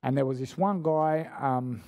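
A man's voice: mid-range voice, measured pace, darkish tone. A man preaching a casual sermon in church, telling stories in a chatty, slangy way with lots of restarts. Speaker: guest preacher.

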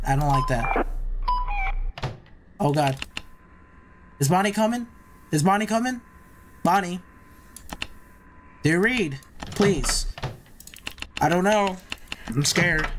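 A man's voice: a little high, background noise. A young man giving nervous, repetitive commentary while playing a horror game, hyping himself up. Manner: nervous, repeats himself, hypes himself up. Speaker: gaming YouTuber.

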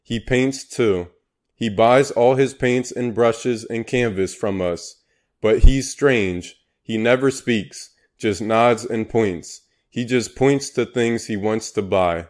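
A man's voice: medium pitch, slow pace, darkish tone, close to an everyday voice. A man reading the part of a gossipy female store clerk in a confiding tone. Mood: gossiping.

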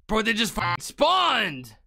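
A man reacting to memes in casual chat, loud and exclamatory, swearing and laughing often. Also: sits high, wildly swooping pitch, measured pace, noisy background. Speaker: meme reaction host.

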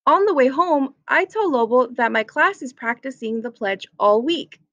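A woman teacher reading a children's picture book aloud, clearly and expressively, at an unhurried pace. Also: high-pitched, animated, fairly bright tone, dry recording, highs cut off.

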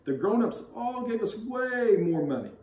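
A man's voice: high-pitched, very animated, measured pace, darkish tone, voice pushed up. A man reading a storybook aloud and voicing a smug boy of about ten who speaks dismissively to his sister. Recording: roomy sound, mic at a distance.

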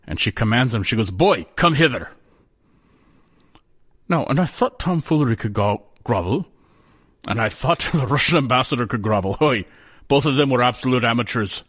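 A man telling a folk tale in a folksy, animated way. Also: mid-range voice, brisk. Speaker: storyteller.

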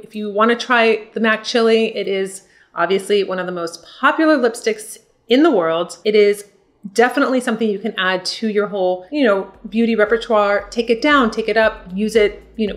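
An older woman chatting through a makeup tutorial, encouraging viewers she calls ladies. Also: mid-range voice. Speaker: beauty vlogger. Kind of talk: casual makeup tutorial chat.

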